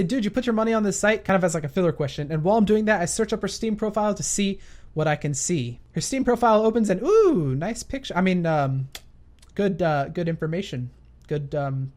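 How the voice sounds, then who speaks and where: A man's voice: high voice, darkish tone. Playful man narrating a gaming story. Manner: playful, self-correcting asides. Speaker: gaming YouTuber.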